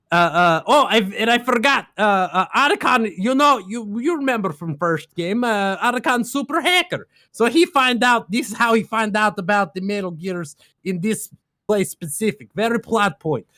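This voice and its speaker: A man's voice: sits high, lively intonation, normal speed, bright, forceful tone, no room sound, clean studio sound. A man casually recapping a game plot on a stream, rambling in broken grammar with lots of fillers and laughs.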